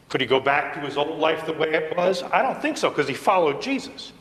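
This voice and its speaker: A man's voice: a little high, big pitch swings, brisk, hardly any pauses, a bit bright. A male priest giving a sermon in a conversational, storytelling way, sometimes dropping to a near whisper. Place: church sanctuary. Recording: long church reverb.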